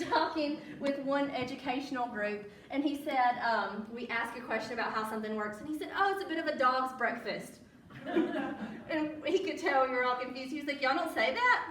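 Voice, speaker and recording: A woman's voice: sits high, noisy background. A woman with a Southern American accent telling stories to a library audience in a chatty way, laughing often and quizzing her listeners. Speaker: library guest speaker. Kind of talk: casual storytelling talk to an audience. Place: public library meeting room. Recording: roomy, from a distant mic.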